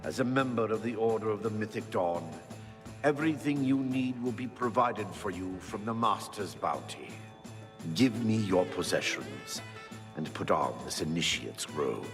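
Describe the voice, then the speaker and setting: A stern cult warden speaks from a shrine in a low, grave voice. His words come with long echoing reverb over loud game music. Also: lively intonation, moderate pace. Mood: solemn. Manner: solemn, commanding, threatening.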